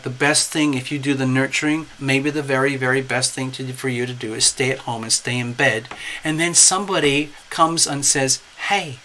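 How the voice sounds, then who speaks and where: Male tarot reader, bright and animated, coaxing tone. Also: medium pitch, a little hiss or hum, poor audio. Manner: animated, coaxing, repeats "okay?". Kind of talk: casual tarot reading monologue.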